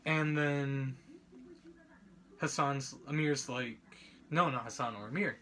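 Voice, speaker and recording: A man's voice: medium pitch, takes it slowly, pauses often, sharp tone. A young man giving a casual student presentation on a book chapter, rambling with lots of fillers and self-corrections.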